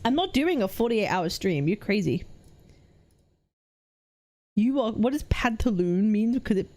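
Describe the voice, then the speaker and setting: Casting: young British woman streamer, bright voice with lots of swing, rambling and self-mocking. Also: a little high. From Britain. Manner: rambling, self-deprecating, quick, repeats herself. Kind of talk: casual live-stream chat.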